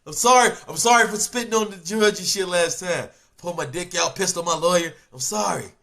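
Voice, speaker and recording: A young man with a high, ringing voice reacts out loud to a video. He riffs in heavy slang, swings between mutters and shouts, and curses freely in casual commentary. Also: normal speed, few pauses. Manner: loud, animated, profane slang-heavy riffing.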